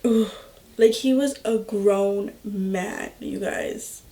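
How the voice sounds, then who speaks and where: A young woman vlogger telling a personal story in a slow, halting way, full of filler words. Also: mid-range voice, mellow. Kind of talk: storytime vlog.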